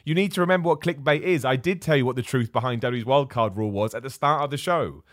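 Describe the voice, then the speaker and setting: A young man talks straight into the mic in a dead, dry room, giving his opinions with a casual live-stream looseness. He gets animated and heated when something annoys him. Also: medium pitch, quick pace, no room sound. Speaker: wrestling show host answering viewer questions.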